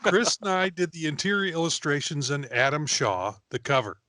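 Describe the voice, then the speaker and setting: A man's voice: a little high, sing-song, moderate pace, bright, forceful tone, dry recording. A man hosting a podcast in casual chat who laughs easily and reads out credits. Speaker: podcast host.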